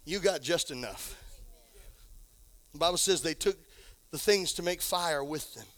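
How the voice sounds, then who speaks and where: A man preaching a sermon as pastor, dropping to a low hush and then building up to shouted exclamations. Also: a little slow, no echo. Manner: drops to a low hush for emphasis.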